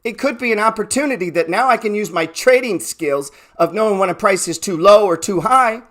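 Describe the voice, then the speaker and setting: A man giving a trading talk, cursing often and firing rhetorical questions, swinging between loud bursts and low murmurs. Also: fairly quick. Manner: profane, emphatic, rhetorical questions. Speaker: trading educator. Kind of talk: motivational talk.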